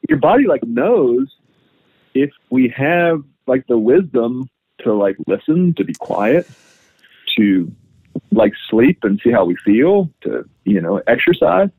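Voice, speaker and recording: Farmer guy rambling w lots of "like"s, animated pitch, husky voice. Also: slow, dry recording. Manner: rambling, many "like" fillers. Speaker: farmer guest. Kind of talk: casual podcast chat. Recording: phone-like narrow sound.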